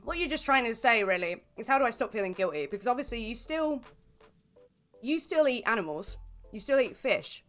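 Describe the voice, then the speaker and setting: A woman's voice: on the high side, expressive, fairly quick, a bit bright, faint music behind. A woman guesting on a casual chat, exasperated and swearing freely. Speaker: guest YouTuber.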